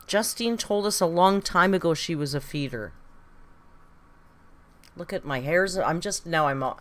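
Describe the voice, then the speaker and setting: Low-voiced woman chatting on a live stream. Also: animated, measured pace. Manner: chatty, exclamatory, swears freely. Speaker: livestream reaction host. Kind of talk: casual live-stream chat.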